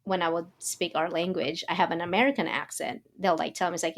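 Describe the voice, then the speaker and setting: A woman from the Philippines co-hosting a podcast, chatting casually, animated and quick to laugh. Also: fairly low pitch. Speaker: podcast co-host. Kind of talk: casual chat.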